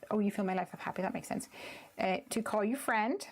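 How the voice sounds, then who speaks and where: A woman's voice: mid-range voice, a little fast. Chatty woman hosting a craft livestream. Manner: chatty, thinks aloud, drops to a murmur. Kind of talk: live crafting demo with chat.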